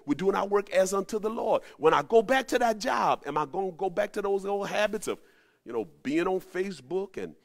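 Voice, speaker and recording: A man preaching a sermon, animated, rising to emphatic peaks and dropping to low asides. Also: vocal fry. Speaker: pastor. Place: at home during the pandemic.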